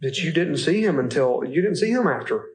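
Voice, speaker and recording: A man's voice: a little high, sing-song, fairly quick, rough recording. A man questioning a suspect in a police interview, pressing with repeated, pointed questions. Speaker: police investigator.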